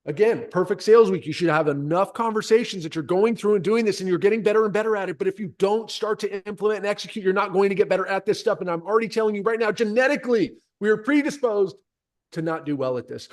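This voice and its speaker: Emphatic high-voiced male sales coach. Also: quick pace. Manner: energetic, emphatic, direct address. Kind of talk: coaching session.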